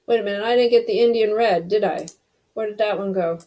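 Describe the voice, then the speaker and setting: A woman's voice: medium pitch, fairly quick, dark tone. A woman hosting a casual screen-recorded web design tutorial, chatty and thinking aloud as she clicks through each step.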